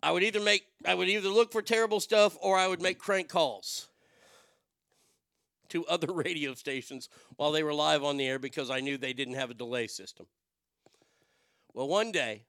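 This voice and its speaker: A man's voice: a little high, vocal fry, no room sound, clean studio sound. A man hosting a radio show, telling a story and then going into a profane, building rant. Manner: profane, building to shouted outrage. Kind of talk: storytelling and ranting.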